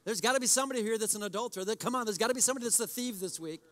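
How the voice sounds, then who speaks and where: A pastor with a high, slightly bright voice preaches a sermon at rapid-fire speed during a church service. He exhorts in a conversational way, speaking straight to the congregation.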